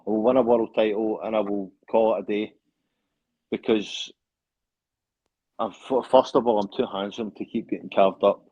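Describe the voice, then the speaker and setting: A man's voice: fairly low pitch, fairly even intonation, moderate pace, long pauses, mellow, slightly rough, dry recording, dull audio. A Scottish man, a fighter being interviewed, talking in a boastful, joking way and swearing a lot. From Scotland. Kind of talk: casual interview chat.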